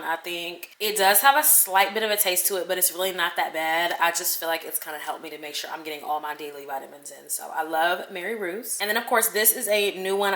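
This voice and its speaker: A woman's voice: fairly low pitch, pushed and bright. A young woman chatting casually to camera in a vlog, dramatic and talking to viewers as y'all. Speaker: vlogger. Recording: echoey room.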